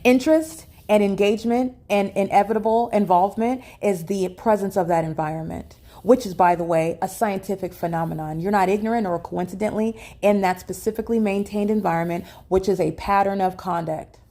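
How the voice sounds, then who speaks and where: A woman's voice: mid-range voice, fairly quick, hardly any pauses, mellow. A woman recording a solo vlog monologue in a hotel room, talking emphatically with many "uh" fillers and repeated phrases. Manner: emphatic and repetitive, with frequent fillers. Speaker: vlogger documenting her day. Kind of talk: solo spoken monologue to camera.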